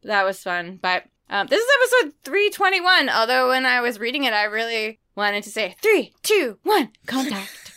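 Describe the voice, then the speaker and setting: A woman's voice: a little high, moderate pace, hardly any pauses, clear, resonant tone. A woman in her forties co-hosting a podcast, chatting casually and playfully, often putting on silly voices when she tells a story. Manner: animated, playful, slips into silly voices for stories. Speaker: podcast co-host. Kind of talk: casual chat about books and daily life.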